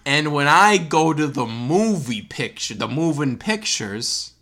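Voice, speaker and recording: A man putting on a brash, old-fashioned New York character, speaking slowly and drawing out his words. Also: fairly high pitch, expressive, sharp tone, full character voice. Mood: boastful. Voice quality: slow, drawn-out delivery.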